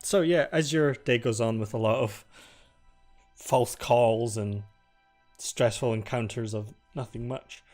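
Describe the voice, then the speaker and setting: A man narrates a tabletop fantasy game as game master, calm and descriptive, with the odd hesitant filler. His pitch sits in the middle. Faint music plays behind him. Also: measured pace.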